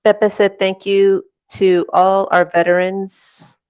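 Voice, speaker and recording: A woman off camera reading viewer comments aloud for a livestream in a brisk, list-like way. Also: medium pitch, level tone, darkish tone, clear, resonant tone. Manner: brisk, reads names off a list. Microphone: off camera, away from the mic.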